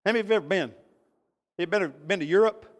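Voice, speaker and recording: Male preacher, high voice, folksy storyteller working the congregation, long hall reverb. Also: fast. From Texas. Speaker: pastor. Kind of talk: sermon.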